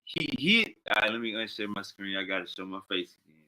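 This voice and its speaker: A man hosting a live stream in casual chat, rambling and losing his train of thought, then getting loud and worked up. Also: lowish voice, lively intonation, a little fast, low-quality recording.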